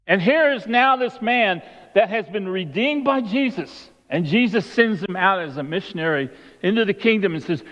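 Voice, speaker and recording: A man's voice: sits high, expressive, normal speed, fairly bright tone. A man preaching a sermon, retelling the story and acting out the voices of its people. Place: church sanctuary. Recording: long hall reverb, dull lo-fi sound.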